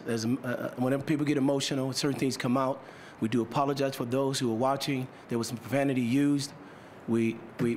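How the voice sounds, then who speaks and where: A man's voice: mid-range voice, a little hiss or hum. Firm man chairing a council meeting. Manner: firm but patient, repeating himself to restore order. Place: council chamber.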